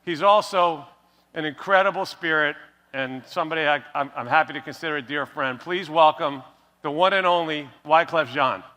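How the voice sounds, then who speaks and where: Middle-aged man, onstage speaker, bright higher voice, jokey storyteller working a crowd; stage mic in a big reverberant hall. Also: normal speed, a little hiss or hum. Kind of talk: stage talk with a joke told to a crowd. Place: large conference hall stage. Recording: long reverb of a large hall.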